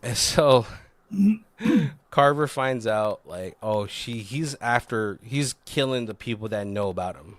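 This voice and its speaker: A man's voice: mid-range voice, expressive, slow pace, dry recording. A man on a podcast casually recapping a film's plot, rambling with lots of "like" and frequent swearing. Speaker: podcast co-host. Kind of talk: casual movie recap chat.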